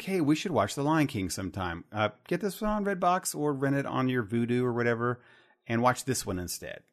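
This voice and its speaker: A man co-hosting a casual podcast chat, animated and quick to laugh, with many fillers and restarts. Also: on the low side. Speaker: podcast co-host.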